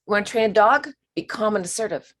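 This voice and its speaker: A woman leading a spiritual workshop, talking slowly and emphatically and sometimes dropping to a whisper. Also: medium pitch, expressive. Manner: slow, emphatic, drops to whispers. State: emotional. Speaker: workshop leader.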